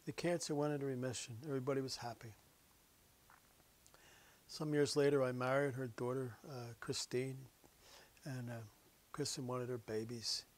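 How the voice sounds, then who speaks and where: A middle-aged man, a pastor, telling a personal story in a folksy, conversational way during a meditation, sometimes dropping to a hushed whisper. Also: medium pitch, fairly even intonation, normal speed, pauses often. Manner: drops to a hushed whisper for solemn moments.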